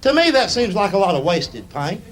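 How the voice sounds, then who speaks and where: A man's voice: high-pitched, big pitch swings, normal speed, a bit bright. A middle-aged man telling stand-up stories in a folksy, drawling way on a club stage. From United States. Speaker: stand-up comedian. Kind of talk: stand-up storytelling. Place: comedy club stage with live audience. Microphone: stage mic. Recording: live club recording, crowd noise. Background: audience laughter.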